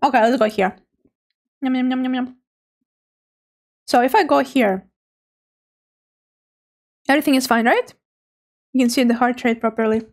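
A woman live streamer chatting casually with her viewers, bubbly, giggly and nervously excited. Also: on the high side, normal speed, pauses often. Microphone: streaming microphone.

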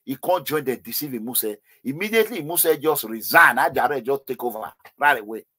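A man with a Nigerian accent hosting a political call-in show, talking excitedly and slipping into Pidgin. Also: medium pitch, brisk, husky. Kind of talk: animated political commentary with callers.

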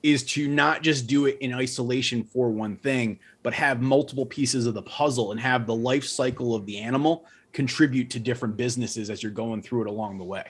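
A man's voice: mid-range voice, fairly quick, few pauses, breathy edge. A man speaking as a guest in a casual panel discussion, explaining his costs thoughtfully with frequent restarts. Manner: thoughtful, restarts often, business-minded. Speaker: guest defending ducks.

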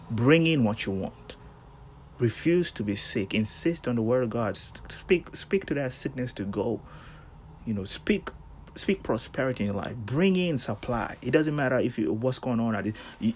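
Casting: man, husky voice, relaxed devotional preacher, lively storyteller. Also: mid-range voice. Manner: animated storytelling, slangy asides, laughs. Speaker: devotional host. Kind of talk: casual devotional sermon.

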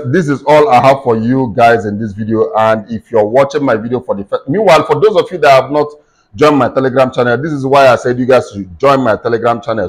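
A man hosting a screen-recorded software tutorial, explaining steps in plain instructive talk with frequent fillers like "okay" and "um". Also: medium pitch, low-quality recording. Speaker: tech tutorial host.

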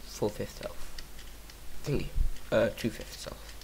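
A man's voice: on the low side, slow pace, vocal fry, a little hiss or hum. A man giving casual let's-play commentary on his own game, rambling and silly, talking to himself and singing nonsense syllables. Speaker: gaming YouTuber.

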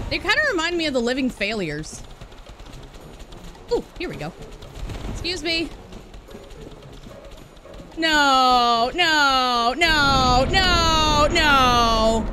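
A woman's voice: medium pitch, noisy background. A woman streamer talking chattily and expressively to her chat while she plays a game, swinging from gushing to grumbling. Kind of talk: live game streaming commentary. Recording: game music playing behind.

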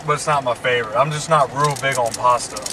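Driving around town with road noise in the background, a Mississippi vlog host chats and jokes in a folksy Southern way. His voice sits in the mid range and he talks fast.

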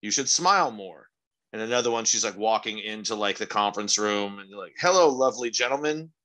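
A young man co-hosting a podcast, telling rambling, profane stories in casual chat with sudden excited jumps in pitch. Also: a little fast. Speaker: podcast co-host.

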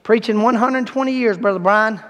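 Preacher man, very high voice, fervent shouting sermon, long church reverb. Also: normal speed. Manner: swells from hushed to fervent shouting. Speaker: guest preacher. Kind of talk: Baptist evening sermon. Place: church sanctuary.

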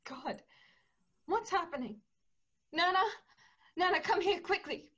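A woman's voice: very high voice, animated, unhurried, fairly bright tone, dull audio, full character voice. An actress playing an anxious young woman who runs a household, speaking in a worried, pleading way.

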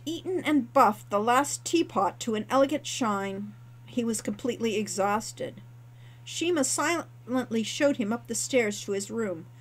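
A woman author narrating her own novel in a measured, expressive storytelling manner. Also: on the high side, poor audio. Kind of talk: audiobook narration.

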